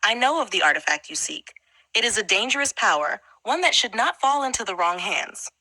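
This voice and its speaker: A woman voicing an elderly bearded male hermit in an audiobook, speaking in measured, solemn tones. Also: mid-range voice, sing-song, pushed and bright, no echo, pitched above the performer's own voice, heavily acted, poor audio. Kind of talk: audiobook character reading.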